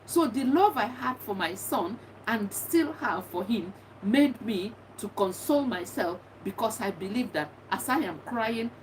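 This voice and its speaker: A woman's voice: medium pitch, recorded from a distance, a little hiss or hum, low-quality recording. A middle-aged woman earnestly telling a personal story of grief, repeating herself as she reflects. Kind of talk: personal testimony monologue.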